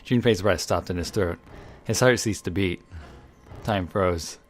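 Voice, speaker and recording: A man reading a visual novel aloud in a measured, dramatic narration, with occasional slips. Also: low-pitched. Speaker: game reader.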